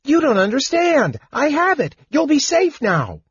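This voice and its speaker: A man voicing a small, excitable old male kender, eager and breathless, in a squeaky high voice. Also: unhurried, no echo, muffled recording, heavily acted. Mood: eager shouting.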